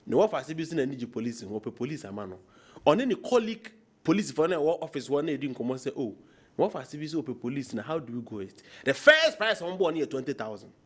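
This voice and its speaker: A Ghanaian man argues politics with rising passion, switching between Twi and English. His voice sits high and swings widely in pitch. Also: sing-song, quick pace, breathy edge. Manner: impassioned, mixes Twi and English. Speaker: political talk show guest. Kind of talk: heated political talk.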